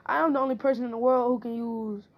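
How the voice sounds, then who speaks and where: A woman voicing a calm adult male ninja teacher who explains things with mild pride. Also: on the high side, fast talker, muffled recording. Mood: calm explaining.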